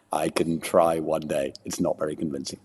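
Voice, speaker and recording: A man co-hosting a podcast, reciting a playful comic poem with dramatic pauses. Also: very deep voice, huge pitch swings, breathy edge, long reverb tail. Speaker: podcast co-host.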